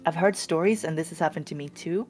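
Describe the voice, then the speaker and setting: A woman from Sweden chatting casually, relaxed and thoughtful, with frequent fillers. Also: sits low, fast talker, soft background music. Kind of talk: casual chat.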